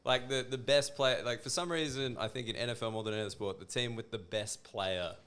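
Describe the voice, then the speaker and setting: A man in casual podcast chat, animated and swearing, acting out quotes with a laugh. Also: medium pitch, fairly quick, clear, resonant tone. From Australia. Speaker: guest comedian.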